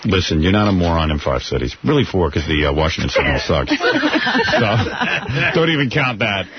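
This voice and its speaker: A man's voice: sits low, sing-song, brisk. A man hosting a radio show, teasing his staff with a lot of laughter. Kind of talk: joking studio banter and live ad read. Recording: dull radio broadcast with faint hiss.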